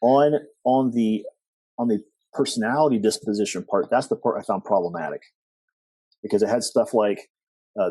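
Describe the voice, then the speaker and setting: Husky low-voiced man telling his story. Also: normal speed, long pauses, no room sound. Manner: rambling with many fillers and restarts, animated quoting. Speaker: podcast guest. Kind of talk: storytelling interview.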